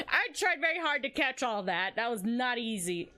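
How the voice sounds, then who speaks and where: A woman's voice: a little high, bright, forceful tone, a little hiss or hum. A woman streamer chatting casually while playing a game, distracted and laughing easily. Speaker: streamer voicing all characters. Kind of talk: casual live-stream chat.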